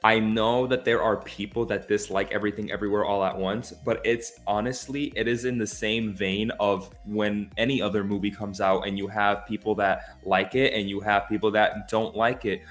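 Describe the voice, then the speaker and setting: A man's voice: fairly low pitch, fairly even intonation, normal speed, few pauses, soft background music. A man co-hosting a casual film discussion podcast, talking in an impassioned, emphatic way with frequent restarts. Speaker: podcast co-host.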